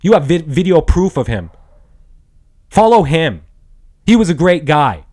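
A man in his thirties, a podcast host, delivering an angry, profane solo rant with shouted bursts. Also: on the high side, very animated, unhurried. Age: 30s.

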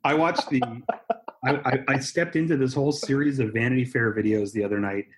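A man's voice: mid-range voice, steady tone, fairly quick, slight background noise. An American man co-hosting a podcast, talking in a rambling, joking way with many restarts. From United States. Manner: rambling, self-interrupting, joking. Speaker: podcast co-host. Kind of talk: casual chat.

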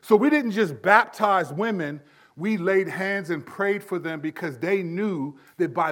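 A pastor with a notably high voice preaches a sermon a little slowly, in a conversational style with frequent asides to his listeners. He's emphatic, pushing hard on key words, then dropping to a near-hush.

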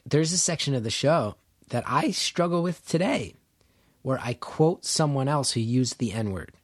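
A middle-aged man from New Jersey tells a story from his own life as a comedian guest in a conversation. He is animated, swears freely and acts out what other people said. His voice sits at an average pitch, and the recording is close and dry. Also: a little slow, no echo.

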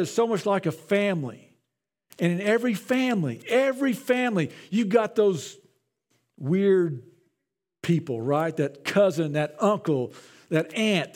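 High-voiced man preaching a sermon. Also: darkish tone. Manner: conversational, repeats words. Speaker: pastor.

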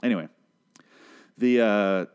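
A man with a fairly low voice talks through a show's episode on his own. He swears freely and drifts into sarcastic tangents. His delivery is loose and unscripted, like a casual podcast monologue. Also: slow, clear, resonant tone, muffled recording. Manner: profane, rambling, sarcastic. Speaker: podcast host recapping a TV show. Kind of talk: casual solo recap and rant.

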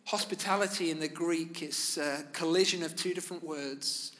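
A man preaching a sermon, speaking in measured, emphatic phrases with pauses. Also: on the high side, steady tone, a bit bright. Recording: long reverb of a large hall.

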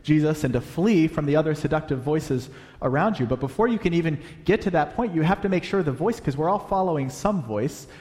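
Pastor guy giving a sermon, animated, goes loud then drops to a hush, long reverb like a church hall. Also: a little high, fairly quick, hardly any pauses. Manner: animated, swings between loud emphasis and hushed whispers.

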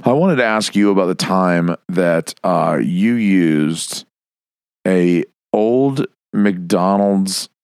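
A man hosting a casual comedy podcast, spinning crude jokes and drawn-out gags into a close mic. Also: sits low, darkish tone, smooth, dry recording. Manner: crude, joking, drawn-out storytelling. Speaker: podcast host.

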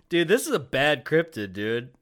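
A man's voice: fairly high pitch, a bit bright. A man co-hosting a comedy podcast, chatting casually, incredulous and profane, laughing often. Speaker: podcast co-host.

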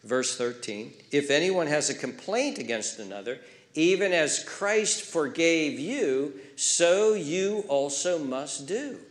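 A man preaching a sermon in a church, repeating key words for emphasis and swinging between loud, urgent phrases and hushed ones. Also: a little high, lively intonation, slow. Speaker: pastor.

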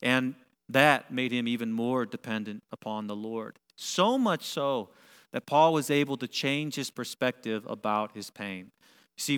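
A man preaching a sermon, animated and building to emphatic peaks. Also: medium pitch, clear, resonant tone. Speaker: pastor. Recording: long reverb of a large hall.

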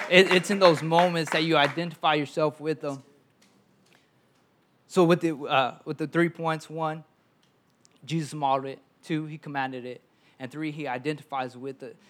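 A young man preaching a sermon in a loose, conversational way. His voice sits a bit high for a man. He often trips over his words and repeats them as he goes. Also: fairly bright tone. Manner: stammering repetitions, conversational preaching. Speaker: pastor.

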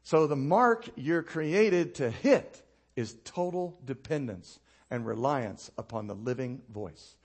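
Speaking slowly and expressively, a male pastor preaches a sermon full of animated stories that he laughs at himself. He lowers his voice to a quiet hush to make points land and asks the congregation to respond.

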